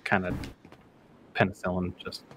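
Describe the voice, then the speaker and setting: Low-voiced man chatting with hesitant fillers. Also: monotone, normal speed, a bit bright, a little hiss or hum. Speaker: friend watching the stream. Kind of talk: casual chat.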